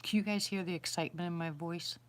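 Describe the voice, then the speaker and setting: A woman's voice: on the low side, fairly even intonation, fast. A middle-aged woman in casual live-stream chat outdoors at night, rambling as she answers her viewers' questions. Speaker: livestream host answering viewers.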